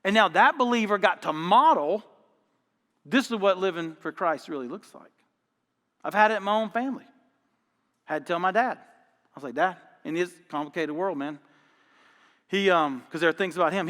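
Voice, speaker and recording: A man's voice: fairly high pitch, bright, forceful tone, in a large hall. A man preaching a sermon as pastor, telling stories in an emphatic, folksy, conversational way. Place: church auditorium.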